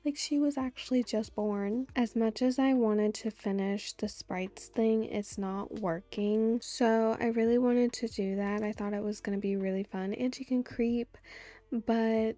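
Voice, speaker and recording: A woman's voice: on the high side, fairly even intonation, unhurried, dark tone. A woman giving casual let's-play commentary, gushing and chatty as she plays. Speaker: gameplay YouTuber.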